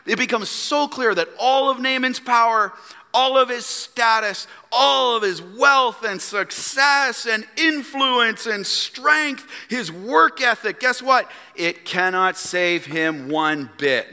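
A man preaching a sermon as a pastor, emphatic and full of rhetorical questions and dramatic pauses. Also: very high-pitched, pushed and bright, clear, resonant tone, in a large hall. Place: church sanctuary.

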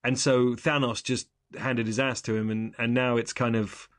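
A man's voice: mid-range voice, level tone, normal speed, dry recording, studio quality. A young man co-hosting a casual film review chat, rambling and correcting himself with wry asides. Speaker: podcast co-host.

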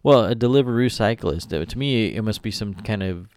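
A man's voice: lowish voice, lively intonation, fairly quick, a crowd in the background. A man co-hosting a podcast, reading news stories aloud and joking between them in casual chat. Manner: jokey, reads headlines aloud with asides. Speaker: podcast co-host.

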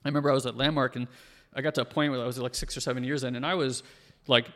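Man in his thirties, gravelly voice, fast and animated, reverberant room. Podcast guest. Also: medium pitch. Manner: fast-talking, animated storytelling with lots of fillers. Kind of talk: casual conversation.

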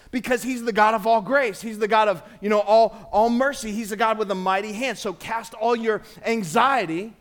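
Pastor, male, 40s, high voice, casual preaching style that calls on the congregation. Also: a bit bright. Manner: conversational preaching with call-and-response. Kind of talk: sermon. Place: church sanctuary.

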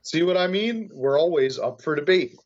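A man's voice: fairly high pitch, animated, moderate pace. Podcast guy rambling along, lots of likes and ums, kinda muffled lo-fi sound. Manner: rambling, filler-heavy, wry. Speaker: podcast co-host. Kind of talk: casual podcast chat.

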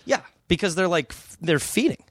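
Bright, high-voiced joking man. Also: moderate pace, no room sound, studio quality. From Wisconsin. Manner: joking, deadpan quips. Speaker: podcast guest. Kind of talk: casual comedy chat.

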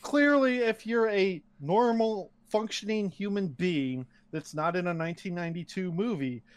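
A man's voice: high voice, moderate pace, clean tone, no room sound. Blunt, sweary young man. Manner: blunt, profane, mocking commentary. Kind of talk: casual movie chat.

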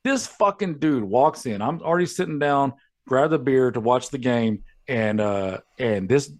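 A man's voice: medium pitch, expressive, a little slow, a little mellow. A man hosting a podcast, ranting and telling stories in a casual, profane way. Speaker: podcast host.

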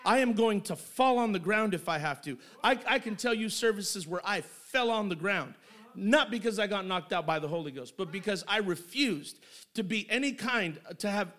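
High-pitched middle-aged man preaching with fire in church. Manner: impassioned, building to shouting. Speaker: pastor. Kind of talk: sermon. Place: church sanctuary.

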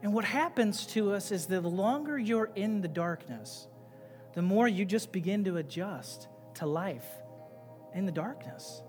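A male pastor preaching a sermon, swinging between loud, emphatic passages and quiet, low asides. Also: lively intonation, unhurried. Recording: long reverb with faint music behind.

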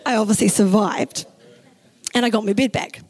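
A young woman pastor from New Zealand with a New Zealand accent, preaching a sermon in a chatty, animated way and acting out the quotes in her stories. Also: mid-range voice, normal speed, rough recording. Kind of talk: sermon with personal story. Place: church.

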